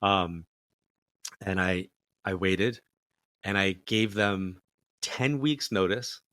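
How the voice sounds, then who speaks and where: A man's voice: sits low, slow, dry recording, studio quality. A middle-aged man, a psychic medium guest, telling a story in a casual interview, with lots of fillers and acted-out quotes. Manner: animated storyteller who acts out quoted voices, many fillers.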